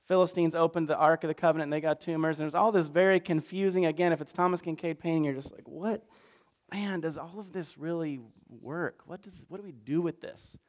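A man's voice: fairly high pitch, clean tone. A man preaching a casual sermon recap in a conversational, self-deprecating way, acting out little voices. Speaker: pastor.

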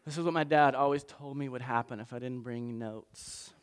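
A man's voice: medium pitch, normal speed, clear, resonant tone. A man preaching a casual sermon recap in a conversational, self-deprecating way, acting out little voices. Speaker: pastor.

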